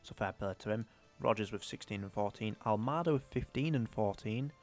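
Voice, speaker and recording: Brief: young man, lower-pitched, rambling gaming commentary, faint music under it. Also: a little fast. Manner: chatty, rambling, mildly exasperated. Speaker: gaming YouTuber. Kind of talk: casual career-mode commentary.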